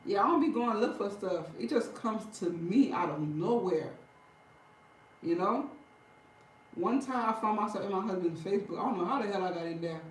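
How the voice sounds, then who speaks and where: A woman chatting casually with her viewers, telling stories in an animated way, laughing and breaking into loud bursts. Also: mid-range voice, normal speed, slight background noise. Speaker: vlogger talking to viewers. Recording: roomy and distant from the mic.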